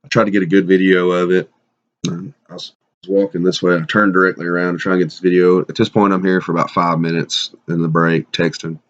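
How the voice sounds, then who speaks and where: A middle-aged man telling a casual story to camera, rambling and halting, with many restarts and fillers. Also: low-pitched, flat delivery. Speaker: bigfoot hunter sharing encounters. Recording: dull lo-fi sound.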